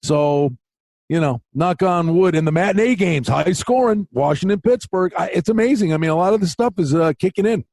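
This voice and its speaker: A man co-hosting a sports betting podcast in casual chat, an excitable storyteller. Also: sits high, fairly quick, no echo. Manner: excitable storyteller, animated retellings. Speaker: podcast co-host.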